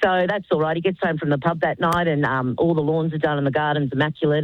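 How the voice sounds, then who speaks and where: A woman's voice: low voice, brisk, no echo. A woman caller with an Australian accent telling a long joke on air, chatty storytelling. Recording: dull phone-line call.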